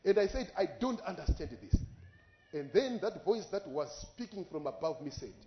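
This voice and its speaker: Man, preacher, fairly high voice, impassioned storytelling, roomy echo, muffled lo-fi sound. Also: very animated, moderate pace. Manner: impassioned storytelling, voice rising in exclamations. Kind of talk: sermon with live interpretation. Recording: echoey, dull lo-fi recording.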